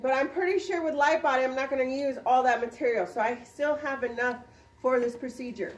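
A woman, a dental instructor, demonstrating a procedure to a class and quizzing students with quick questions. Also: sits high, distant mic. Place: clinic classroom. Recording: roomy sound from off-mic.

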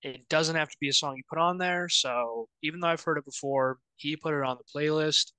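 A young man from Wyoming co-hosting a casual music chat, animated and laughing often as he trails off and restarts. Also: on the high side, brisk, clear, resonant tone, no echo, poor audio. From Wyoming, United States. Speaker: podcast co-host presenting songs.

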